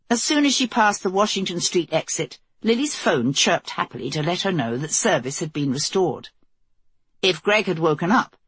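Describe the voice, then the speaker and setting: Husky low-voiced woman narrating. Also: no echo. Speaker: audiobook narrator. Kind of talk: scripted narration.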